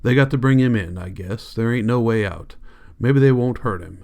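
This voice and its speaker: A man voicing a grim, weary ranch worker loyal to his friend, speaking in a low, quiet rural drawl. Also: moderate pace, close to an everyday voice. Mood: urgent.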